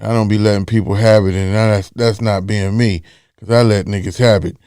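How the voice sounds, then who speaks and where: A man's voice: on the low side, fairly even intonation, moderate pace, a little mellow, clear, resonant tone, dry recording, clean studio sound. A man hosting a casual talk show, rambling loosely and repeating phrases for emphasis. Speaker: podcast host.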